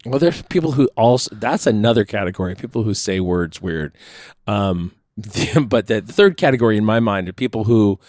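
A man co-hosting a podcast, chatting casually and explaining his thoughts in a measured way. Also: lowish voice, lively intonation, a little mellow, dry recording, studio quality. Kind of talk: casual chat.

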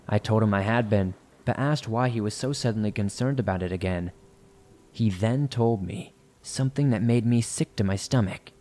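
A man reading listener-submitted horror stories aloud in a measured, somber narration. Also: fairly low pitch, dark tone.

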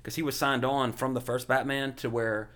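A man in casual podcast chat who rambles enthusiastically, full of uhs and you-knows. His voice sits at an ordinary middle pitch. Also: little pitch movement, normal speed, fairly bright tone. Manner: rambling, lots of fillers, enthusiastic. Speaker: podcast host.

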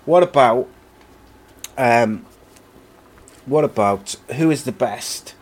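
A man's voice: on the low side, expressive, a little slow, pauses often, slight background noise. A man hosting a podcast, chatting casually about football and reading out listener comments. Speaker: podcast host.

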